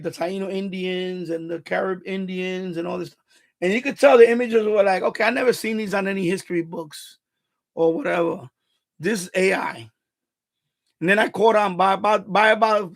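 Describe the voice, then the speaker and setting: A man from Puerto Rico hosting a casual live stream chat, animated and profane, stumbling over restarts as he talks. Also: high-pitched, vocal fry.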